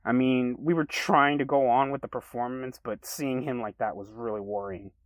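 A man's voice: medium pitch, steady tone, normal speed, dry recording, voice pushed up, natural voice. A man voicing a sulky yet mischievous young man in a band, in a read-aloud story. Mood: earnest.

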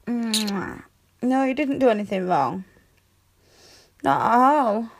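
Young woman, girlfriend comfort role-play. Slightly high, unhurried delivery with a gravelly fry, tender and reassuring. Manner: soothing, tender, reassuring, with soft hushing.

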